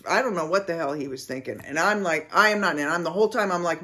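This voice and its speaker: A vlogger recounts a tale in a relaxed, chatty way. The voice sits at a middle pitch and stays lively, with small mouth sound effects and frequent "okay?" check-ins with the listener. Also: quick pace, few pauses. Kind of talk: casual storytelling.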